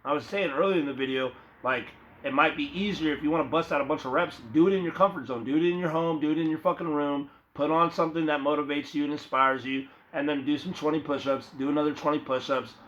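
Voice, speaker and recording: His voice sits a little high and fairly bright, with mostly even intonation, and he talks fast with few pauses. This young male vlogger chats casually and profanely in a rambling monologue, calling his viewer "bro," captured in dull lo-fi phone audio.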